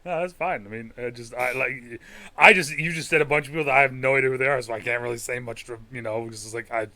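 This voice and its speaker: A young man hosting a podcast, talking haltingly, swearing casually and trailing off mid-thought. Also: medium pitch, bright, forceful tone, dry recording. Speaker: podcast host. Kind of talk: casual chat.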